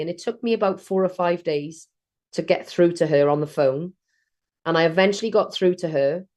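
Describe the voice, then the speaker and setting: A woman's voice: on the low side, a little mellow. Chatty woman giving networking tips. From South Wales. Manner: chatty storytelling. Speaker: networking trainer. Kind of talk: online training session.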